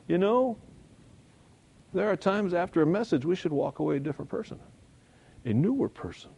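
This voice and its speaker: A man leads a church Bible lesson in a chatty, folksy manner. His pitch moves a lot, and he stretches words out when he wants a point to land. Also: expressive, a little fast, creaky, pauses often, darkish tone, slightly rough, highs cut off. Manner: conversational, folksy, chuckles at own points. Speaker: Sunday school teacher.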